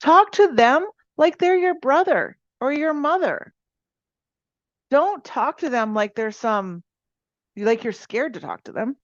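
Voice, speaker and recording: Energetic woman coaching her sales team. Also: sits high, slow pace, dry recording. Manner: energetic, repeats "right?" and restarts often. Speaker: insurance agency team leader. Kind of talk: motivational sales coaching talk. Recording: dull, dry sound.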